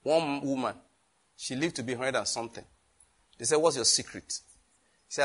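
A man preaching a sermon, lively, with laughter and questions thrown to the congregation. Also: medium pitch, breathy edge. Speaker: pastor.

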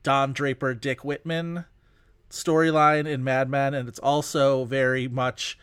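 A man's voice: medium pitch, level tone, unhurried, a bit bright, clean tone, dry recording. A young man co-hosting a film podcast, chatting casually with dry humor. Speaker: podcast co-host. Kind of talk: casual chat.

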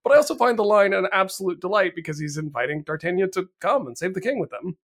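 A man from the United States hosts a podcast in a loose, casual chat, with plenty of fillers and frequent laughs. He talks fast in a high-pitched, fairly bright voice with lively intonation.

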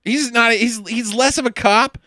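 A man's voice: very high voice, moderate pace, no room sound, clean studio sound. A man casually recapping a movie with a friend, swearing often and acting out the characters. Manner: animated, swearing, acts out characters. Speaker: podcast co-host.

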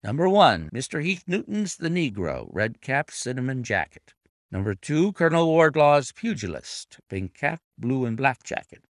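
A man narrating a classic detective story aloud with a deliberate, expressive reading. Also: mid-range voice, no echo, clean studio sound. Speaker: reader and annotator of classic stories.

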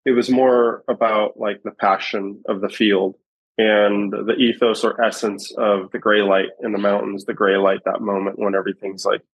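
A man's voice: on the low side, little pitch movement, moderate pace, breathy edge, no echo, rough recording. A man talking as a podcast guest, reflective and rambling, with many fillers and restarts. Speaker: guest, bowhunter. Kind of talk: casual podcast conversation.

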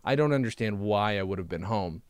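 A man talks in a loose, rambling way, often cutting himself off and swearing casually. His pitch rises and falls a lot, and his voice is smooth and clear. He is recorded close on a dry mic. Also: expressive, fairly quick, no echo. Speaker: podcast co-host. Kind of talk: casual chat reviewing old videos.

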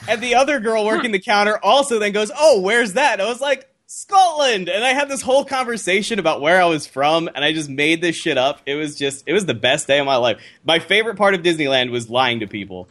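A man hosting a casual podcast with a somewhat high voice. He tells a long story in an animated, joking manner and swears freely as he goes. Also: quick pace, few pauses. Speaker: podcast host.

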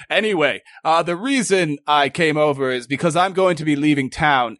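A man's voice: medium pitch, fairly bright tone, no echo, close to an everyday voice. Man playing a pompous adventurer, mock-formal, tabletop role-play, dry sound.

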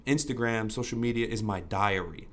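Brief young man, low-pitched, earnest podcast guest, candid storytelling. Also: moderate pace. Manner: earnest, restarts often, fillers like "you know".

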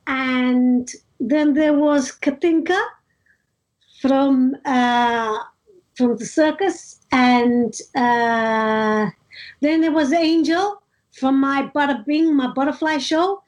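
A woman, telling stories in a casual, animated way as a guest in an interview. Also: high voice, takes it slowly, poor audio. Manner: lively, animated storytelling with laughs. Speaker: street performer guest.

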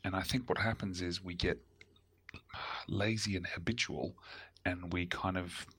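A man's voice: low-pitched, steady tone, measured pace, a bit bright, slightly rough, no room sound. A man co-hosting a casual podcast, easygoing and chatty, sometimes dropping to a near whisper. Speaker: co-host.

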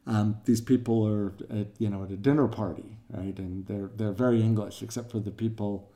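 A man's voice: lowish voice, warm tone. An older man teaching a class, telling stories in a casual, rambling way with many fillers and quoted voices.

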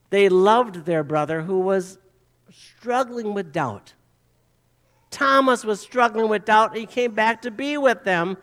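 A man's voice: high voice, fairly bright tone. A male pastor preaching a sermon, retelling stories, acting out quoted voices, and repeating phrases for emphasis. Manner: storytelling, acts out quoted voices.

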